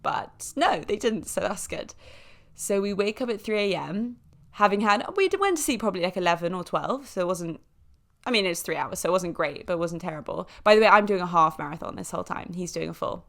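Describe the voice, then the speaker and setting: A woman hosting a podcast, telling a story in a chatty, animated way with lots of fillers and small impressions of other people. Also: on the low side, a little fast, gravelly. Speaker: podcast host. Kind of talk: casual storytelling.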